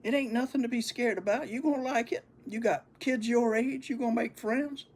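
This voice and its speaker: A man's voice: very high voice, steady tone, a little fast, pitched above the performer's own voice. An older man voicing a cocky young schoolboy who teases and brags, his voice pushed well above his own. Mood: coaxing. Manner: brash, teasing.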